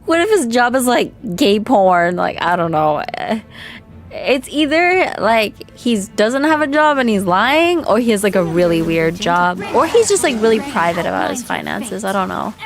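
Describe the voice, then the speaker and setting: Young woman vtuber gossiping on stream, lots of "like", faint music behind. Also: medium pitch. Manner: chatty, gossipy, lots of "like", laughs and exasperated outbursts. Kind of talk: casual livestream storytime chat.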